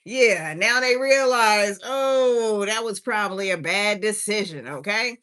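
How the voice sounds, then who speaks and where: Bright sing-song woman tarot reader. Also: medium pitch, unhurried. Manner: chatty, drawling, sing-song refrains, laughs to herself. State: tired. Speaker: tarot reader streaming live. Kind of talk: casual livestream tarot reading.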